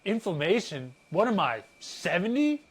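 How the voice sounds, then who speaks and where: A man's voice: high-pitched, big pitch swings, a little slow, slightly rough, pitched above the performer's own voice, exaggerated voice. A man voicing a tired, sluggish young office worker who groans and complains. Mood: indignant.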